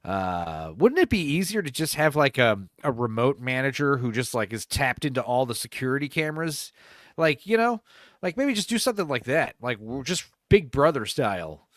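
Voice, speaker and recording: Animated, swearing podcast co-host man. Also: medium pitch, normal speed, dry recording, studio quality. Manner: animated, swears freely, jumps into mock voices. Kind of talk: casual chat.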